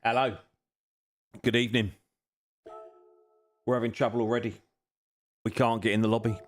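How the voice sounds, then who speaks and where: A man's voice: mid-range voice, little pitch movement, normal speed. A man hosting a sim racing live stream in casual chat, rambling and self-deprecating with lots of filler sounds, a bit tired.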